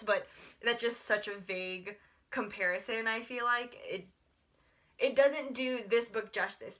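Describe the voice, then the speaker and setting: A young American woman gushes her way through a book review for a casual vlog, rambling and packing her speech with filler words. Her voice sits at a medium pitch and has a sharp edge.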